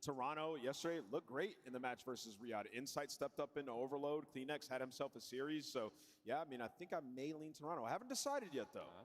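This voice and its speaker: A male analyst on an esports broadcast weighs his predictions out loud and keeps hedging as he goes. He talks quickly in a mid-pitched voice. A long reverb from the big venue hangs on his words. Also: lively intonation. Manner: thinking aloud, hedging.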